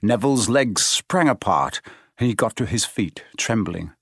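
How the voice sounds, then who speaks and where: A man narrating an audiobook in a measured, steady storytelling manner. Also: fairly low pitch, husky, no room sound, studio quality.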